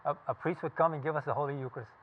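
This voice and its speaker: Talking very fast in a slightly high voice, a seventy-something California veteran tells a group his story in a casual, blunt, cursing, emphatic way. The recording has a tinny, phone-like quality.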